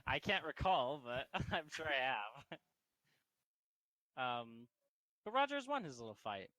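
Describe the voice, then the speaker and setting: A man's voice: medium pitch, very animated, takes it slowly, sharp tone, no room sound. A man narrating a tabletop game as game master, casual and laughing, swearing now and then.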